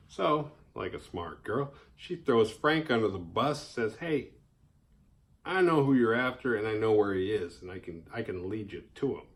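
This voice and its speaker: A man casually recapping a horror film, swearing freely and acting out the characters' lines in exaggerated voices. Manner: animated, profane, acts out characters' lines in high voices.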